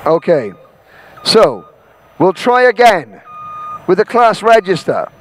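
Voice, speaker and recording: A Welsh man from Wales hosting an event, directing a crowd with bossy jokes and shouting out names. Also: high voice, very animated, takes it slowly, a little hiss or hum. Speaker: event host. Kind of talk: directing a crowd and calling a roll.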